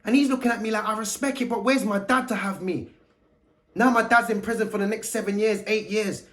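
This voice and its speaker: A man's voice: sits high, steady tone, brisk, fairly bright tone. A man, a youth mentor giving a blunt, preachy monologue full of street slang. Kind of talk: direct-to-camera monologue.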